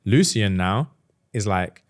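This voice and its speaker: Guy on a podcast, fairly low voice, jumps into silly character voices mid-story. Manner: animated, acts out characters in quick changing voices. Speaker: podcast co-host. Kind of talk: casual chat, retelling a story.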